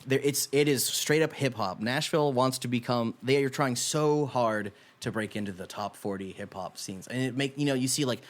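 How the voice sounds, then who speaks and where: A man's voice: mid-range voice, normal speed, few pauses. A man in casual podcast chat, talking animatedly and rambling with restarts.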